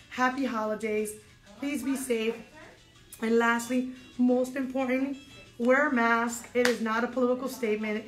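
Slightly breathless, a woman step dance instructor counts beats aloud in an online dance lesson. Her fairly high voice echoes in the dance studio, and her manner is upbeat and encouraging.

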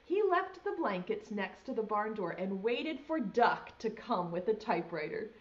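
A young woman preschool teacher reading a picture book aloud, gently stopping to ask the children questions. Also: medium pitch, big pitch swings, moderate pace, muffled recording. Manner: gentle, asks children questions as she reads. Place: home video lesson.

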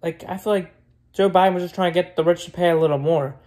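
A man's voice: high-pitched, steady tone, fast, darkish tone. A man talks straight to his audience in a loose, rambling rant. He is blunt and opinionated, circles back to the same points, and swears freely along the way. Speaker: vlogger. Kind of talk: casual rant to camera.

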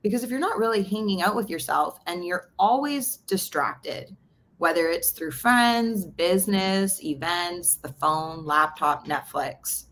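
A woman's voice: fairly low pitch, a little slow, a little hiss or hum. A woman podcast host from Canada, candidly telling a personal story in a casual interview. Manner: candid, storytelling, animated retelling of dialogue.

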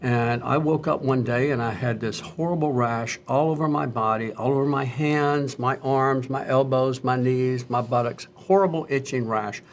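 A middle-aged male physician in a conversational health talk, telling stories and turning animated when he quotes others. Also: medium pitch, normal speed, few pauses, a little hiss or hum. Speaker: physician host.

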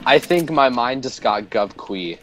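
A man's voice: mid-range voice, lively intonation, unhurried, over loud music, low-quality recording. A young man joking around with a friend while gaming, silly and playful. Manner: silly, playful, chants nonsense words. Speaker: gaming co-host. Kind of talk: casual gameplay chat.

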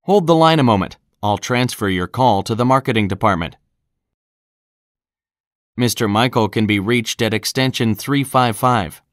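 A man reading example sentences one by one in a clear, deliberate scripted style, recorded in a studio. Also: mid-range voice, dry recording. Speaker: English phrase reader.

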